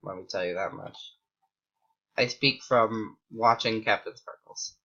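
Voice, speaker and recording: A man's voice: fairly low pitch, a little slow, bright, forceful tone, muffled recording. An American man giving casual, rambling commentary while playing a game. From United States. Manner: rambling, chatty tangents. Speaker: gaming YouTuber.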